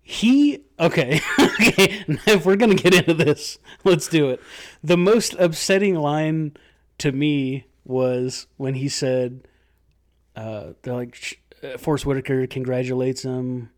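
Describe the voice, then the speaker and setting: A man in casual podcast chat about a movie, sarcastic and quick with jokes. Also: medium pitch.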